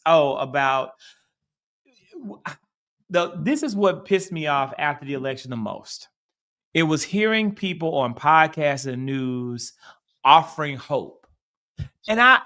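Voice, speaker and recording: Man, bright forceful voice, profane, emphatic ranting, podcast co-host. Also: fairly high pitch. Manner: animated, profane, emphatic rants with sudden loud outbursts. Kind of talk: heated casual political chat.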